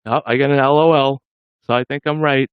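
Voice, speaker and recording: A man's voice: mid-range voice, fairly even intonation, fairly quick, clean tone, no room sound, phone-quality sound. A man hosting a casual livestream, joking with viewers and laughing often. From Massachusetts. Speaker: livestream host.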